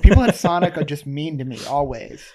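A man with a slightly higher voice tells a funny story in a relaxed podcast chat. He laughs often and slips into the voices of the people he describes. The talk is loose and casual. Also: fairly quick. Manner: laughs often while telling a story, acts out voices in quotes.

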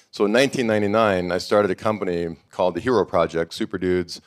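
A middle-aged man from Montana telling a lively story on a panel, acting out the people he quotes. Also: sits low, quick pace, few pauses. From Montana, USA. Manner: animated storyteller, acts out quoted voices. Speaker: founder of a summit and network.

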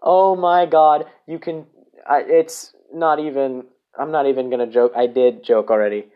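A man's voice: mid-range voice, fairly even intonation, normal speed, dull audio. A man hosting a casual solo podcast, rambling, swearing and correcting himself as he goes. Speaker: podcast host.

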